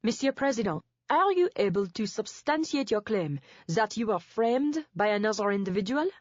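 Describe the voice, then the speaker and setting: A woman's voice: medium pitch, very animated, normal speed, no echo, voice pushed up. A woman voicing a stern male presiding judge who talks in a clipped, formal, impatient way, recorded dull and dry.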